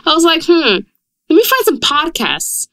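A young woman co-hosting a casual podcast, chatty and quick to swear, rushing through words in quick bursts. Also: high voice, wildly swooping pitch, fairly bright tone, dry recording. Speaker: podcast co-host and founder. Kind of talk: casual chat.

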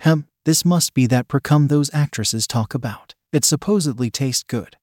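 A man's voice: medium pitch, moderate pace, a little mellow, dry recording, clean studio sound, close to an everyday voice. A man voicing a shy, eager young woman in a read-aloud story, in his own plain voice with a coy manner.

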